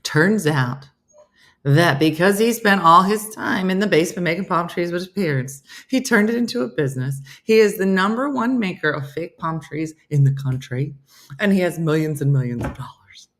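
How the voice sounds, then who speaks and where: Low-pitched woman, middle-aged, chatty comedian host, storytelling. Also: normal speed. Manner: chatty storyteller, quoting others in lively voices. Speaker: comedian hosting a live morning show. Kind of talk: casual chat reading viewer comments.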